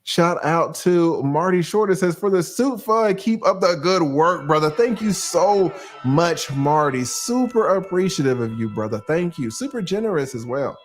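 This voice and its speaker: Male stream host, slightly high voice, loose profane chatter. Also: normal speed, few pauses, soft background music. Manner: animated, profane, reads out chat shout-outs. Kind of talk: casual livestream commentary.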